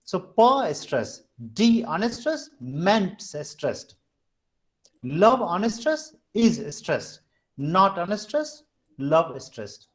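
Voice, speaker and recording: A man's voice: high-pitched, big pitch swings, extremely slow. A man with an Indian English accent teaching an online class over a video call, patiently repeating and counting things out step by step.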